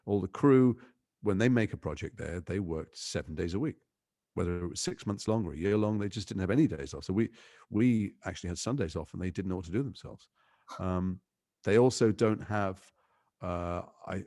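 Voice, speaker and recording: Low gravelly man telling stories. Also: no echo, studio quality. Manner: animated storyteller, mimics voices in anecdotes. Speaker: actor. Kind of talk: interview conversation.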